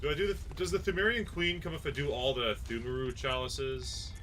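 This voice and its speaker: A man commentating his own gameplay as a streamer, swinging from excited yelling to sarcastic grumbling. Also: medium pitch, a little fast, slight background noise. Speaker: gaming streamer. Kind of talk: let's play commentary.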